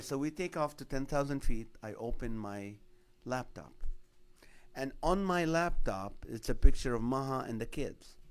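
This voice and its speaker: A middle-aged man, a comedian hosting his own show, telling a personal story with a faith message and acting out the voices of the people in it. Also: mid-range voice. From Middle Eastern background. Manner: animated storyteller acting out dialogue.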